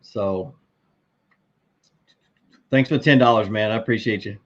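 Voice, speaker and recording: A man's voice: on the low side, unhurried, highs cut off. A middle-aged man hosting a live fishing stream, chatting casually and answering viewer questions with many fillers and restarts. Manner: rambling, relaxed, lots of fillers and restarts. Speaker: fishing livestream host.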